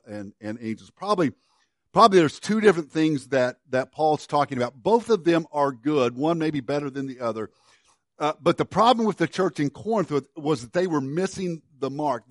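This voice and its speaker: A middle-aged pastor preaches a sermon conversationally, restarting and repeating words and dropping to a quiet, low voice on key words. The recording is studio quality with no echo.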